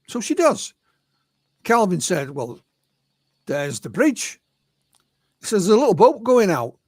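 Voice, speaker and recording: A man's voice: sits high, no room sound, clean studio sound. A man with an English accent, an interview guest who recounts witness stories in a conversational way, quoting people in his own voice, with many fillers and restarts. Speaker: interview guest, UFO researcher. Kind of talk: conversational storytelling.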